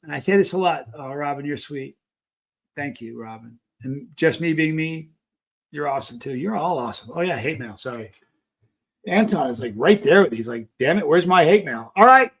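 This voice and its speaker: A man's voice: on the high side, animated, moderate pace, a bit bright. Earnest, rambling man hosting a livestream. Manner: earnest, rambling, with many restarts. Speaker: livestream host. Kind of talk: casual chat reading live comments.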